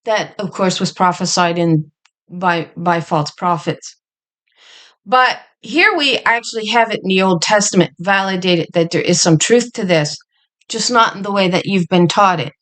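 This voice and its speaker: A woman's voice: on the low side, moderate pace, a bit bright. A woman in her fifties giving a casual, rambling bible study from a chair at home, wandering into chatty asides. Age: 50s.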